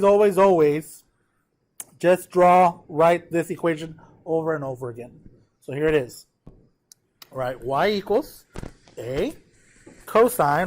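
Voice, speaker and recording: A man teaching a math lesson to his students, his voice pitched slightly above the usual for a man. He works through a graph step by step, counts numbers aloud and keeps checking that the class is following. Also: a little mellow.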